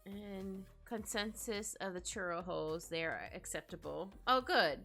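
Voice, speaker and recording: An art streamer draws live from her home setup, giggling and rambling as she reads her chat and answers it. She has a mid-range, slightly bright voice and keeps an unhurried, measured pace. Soft music plays faintly behind her.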